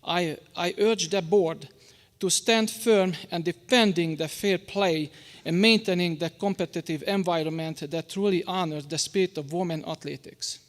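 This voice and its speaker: A weary man with a Hungarian accent addresses a school board during public comment. He stumbles over words, restarts, and apologizes as he goes. His voice sits a little high and trails into a long hall reverb. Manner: halting, apologetic, many restarts. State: tired. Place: school board meeting room.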